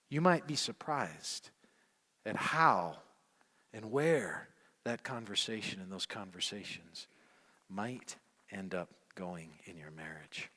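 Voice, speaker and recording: A man's voice: lowish voice, expressive, slow. Emphatic male preacher in a reverberant hall. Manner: emphatic, repeats key phrases, swings from hushed to loud. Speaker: men's ministry teacher. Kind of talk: sermon-style teaching.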